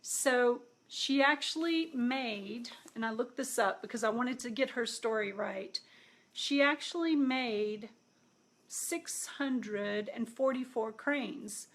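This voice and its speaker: A middle-aged woman, a healer, telling a personal story casually and acting out the dialogue with lively quotes. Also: fairly high pitch, takes it slowly. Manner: animated, acts out quoted dialogue. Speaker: intuitive healer.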